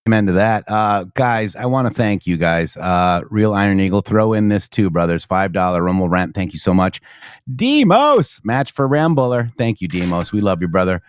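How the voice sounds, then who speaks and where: A man hosting a casual political talk show, reading news aloud in a high, animated voice and dropping low and mumbly when thanking viewers. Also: normal speed, clear, resonant tone, no room sound, studio quality. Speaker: show host.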